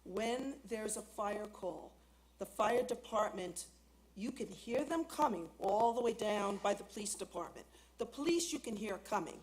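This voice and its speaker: A woman's voice: mid-range voice, animated, a little slow, a little mellow, slight background noise, rough recording. A woman resident speaking at a city council hearing, insistently objecting to a development. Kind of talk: public comment at council meeting. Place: council chamber.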